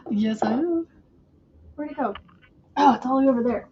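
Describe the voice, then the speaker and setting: A woman's voice: high voice, a little slow, darkish tone, dull audio. A woman hosting a casual crochet livestream from her chair at home, chatty and giggly, a bit out of breath as she talks to viewers. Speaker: crochet channel host.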